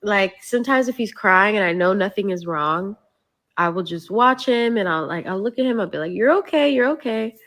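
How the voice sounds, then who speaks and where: A woman's voice: medium pitch, normal speed, fairly bright tone. A woman speaks as a mother in a casual clip, telling a story loosely. She fills her sentences with "like" and restarts. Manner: storytelling with many fillers. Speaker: young mother.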